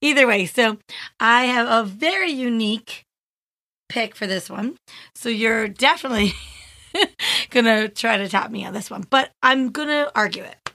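A woman's voice: fairly high pitch, unhurried, pushed and bright, dry recording, studio quality. A woman co-hosting a podcast in casual chat, chatty and giggly, rambling. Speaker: podcast co-host.

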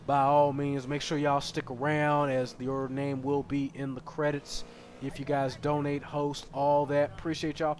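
A man streaming a game live, chatting with viewers and bursting into loud excited yells. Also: mid-range voice, normal speed, slight background noise. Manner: excitable, bursts into loud yelling, banters with chat. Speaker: gaming streamer. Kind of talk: live gameplay commentary.

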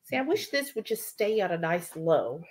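A woman's voice: fairly low pitch, very animated, moderate pace, a little mellow, a little hiss or hum. A woman hosting a cooking livestream, chatting casually and reading viewer comments aloud.

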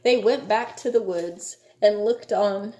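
A woman reading a children's storybook aloud in a slow, measured way. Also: medium pitch, dark tone. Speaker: reader. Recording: echoey room.

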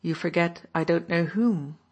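A woman reading an audiobook, voicing a calm male soldier who speaks quietly and patiently. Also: lowish voice, a little slow. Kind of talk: audiobook narration.

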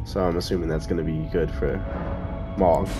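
A man playing a video game and commenting live, swearing loudly at enemies and muttering to himself between fights, with game music behind him. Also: sits low, fairly even intonation, normal speed. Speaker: gaming streamer.

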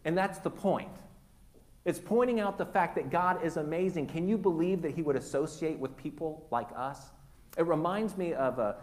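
A man's voice: a little high, darkish tone. Earnest male pastor preaching a sermon. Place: church sanctuary.

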